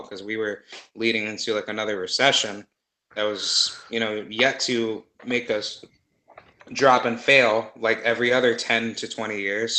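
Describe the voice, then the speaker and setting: A man in casual conversation, rambling and animated with many fillers and restarts. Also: on the low side, reverberant, low-quality recording. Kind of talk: casual conspiracy chat.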